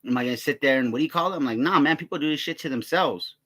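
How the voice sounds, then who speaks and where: A man's voice: a little high, racing, a bit bright. A young man ranting casually to his viewers, rambling and swearing heavily, and mimicking other people in raised voices as he tells stories. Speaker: vlogger. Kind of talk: casual rant to camera.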